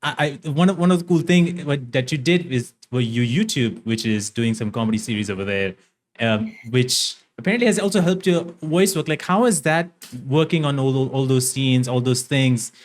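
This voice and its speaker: A man's voice: medium pitch, moderate pace. A man hosting a podcast, talking in an easygoing, hesitant way with many fillers and restarts. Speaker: podcast host. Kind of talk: casual podcast interview.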